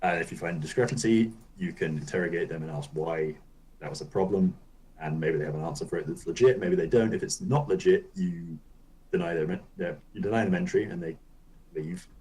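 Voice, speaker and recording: A man's voice: low-pitched, a little fast, a little mellow, poor audio. A man co-hosting a gaming podcast, rambling loosely through a casual chat and swearing now and then. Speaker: podcast co-host.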